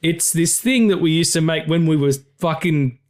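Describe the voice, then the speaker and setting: A man's voice: on the high side, normal speed. An Australian man hosting a podcast, in a casual, jokey, swearing chat. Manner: animated, swearing, jokey storytelling. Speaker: podcast host.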